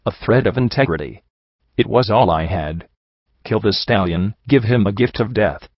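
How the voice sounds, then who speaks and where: A man narrating a dark first-person story in a grim, intense, dramatic reading. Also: fairly low pitch, moderate pace, dry recording. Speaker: audiobook narrator. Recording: dry, dull lo-fi recording.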